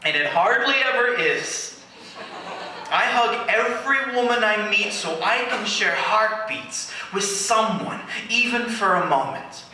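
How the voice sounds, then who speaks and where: A spoken-word poet reading to a live audience, slow and deliberate in his poems, rambling and laughing in his banter. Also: sits high, sharp tone. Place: indoor venue with live audience. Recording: echoey room, mic far off, faint noise.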